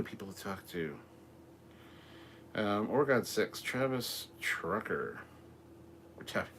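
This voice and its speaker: A man's voice: lowish voice, a bit bright, a little hiss or hum. A man hosting a casual live stream from home, reading chat comments aloud in a rambling, easygoing way with lots of fillers. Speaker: livestream host reading chat. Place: home room with TV. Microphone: camera mic at a distance.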